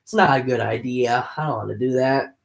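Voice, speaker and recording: A young reader dropping into a low, lazy mumble for a beggar-king in a mocking book summary. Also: fairly quick, vocal fry, close to an everyday voice. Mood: reluctant.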